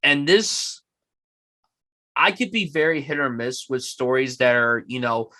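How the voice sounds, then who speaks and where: A man's voice: medium pitch, animated, measured pace, pushed and bright, dry recording. A man hosting a casual film podcast, talking with enthusiasm and plenty of swearing. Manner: enthusiastic, profane, puts on mock voices. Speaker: podcast host.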